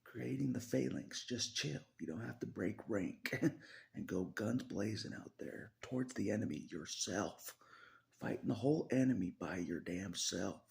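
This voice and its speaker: A man's voice: sits low, lively intonation, a little slow, creaky, darkish tone. A man vlogging in a rambling religious monologue, laughing often and dropping into whispers.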